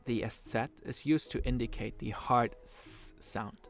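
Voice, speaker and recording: A man from Germany with a German accent, narrating a scripted explainer in a clear, measured way. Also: mid-range voice, fairly even intonation, faint music behind.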